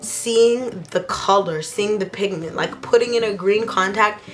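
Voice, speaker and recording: A young woman in a casual beauty review vlog, talking playfully and gushing with excitement. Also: mid-range voice, unhurried, soft background music. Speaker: beauty vlogger.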